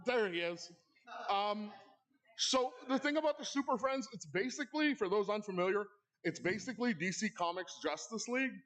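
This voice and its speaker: A man's voice: sits high, lively intonation, normal speed, a bit bright. A man hosting an awards ceremony, telling a comic story with playful asides to the audience at a live event. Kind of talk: comedic storytelling monologue. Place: live event in a club hall.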